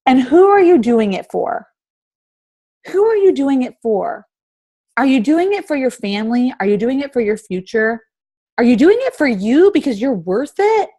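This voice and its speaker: A woman's voice: on the high side, darkish tone. A woman in her thirties leading a motivational team call over video chat, full of rhetorical questions. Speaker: team leader.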